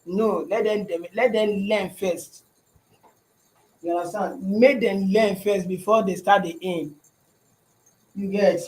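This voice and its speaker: A Nigerian man hosts a casual livestream from his shop. His voice sits high for a man. He talks in loops, repeating lines and checking in with "you understand?". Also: a little hiss or hum, poor audio. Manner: repeats phrases, keeps asking "you understand?". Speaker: livestream host.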